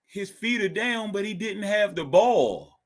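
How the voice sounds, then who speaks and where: A young man calls the game on a live stream, talking straight to his viewers. He reacts out loud and laughs often. His voice sits a touch high and swings widely. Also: measured pace. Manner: excited, talks to chat, laughs often. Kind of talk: live fan commentary on a game.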